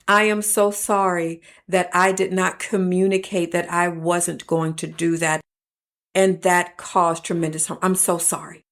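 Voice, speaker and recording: A woman, hosting a faith-based teaching talk and addressing listeners as "y'all" in an earnest, preacher-like way. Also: on the low side. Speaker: podcast host.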